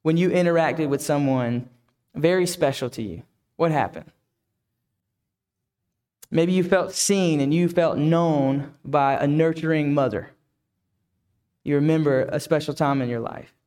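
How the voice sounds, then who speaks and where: A man's voice: on the high side, unhurried, pauses often, darkish tone. A man preaching a reflective sermon who asks the listeners many questions. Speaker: pastor.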